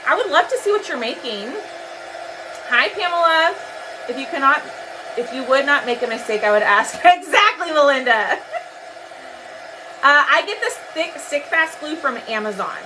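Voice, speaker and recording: A woman's voice: sits high, lively intonation, moderate pace, pauses often, background noise. A woman in her thirties from Texas with a twang, hosting a chatty craft livestream and greeting viewers as she reads their comments. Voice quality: laughs often.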